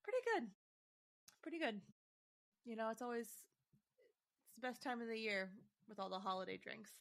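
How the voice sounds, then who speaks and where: A woman co-hosting a casual book podcast, giggly and quick to agree. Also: fairly high pitch, steady tone, vocal fry, a bit bright. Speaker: podcast co-host. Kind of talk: casual chat.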